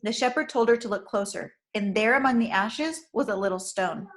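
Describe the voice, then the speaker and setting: Higher-voiced woman reading a storybook aloud. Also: normal speed, a bit bright, poor audio. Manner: clear, careful read-aloud pacing. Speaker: teacher.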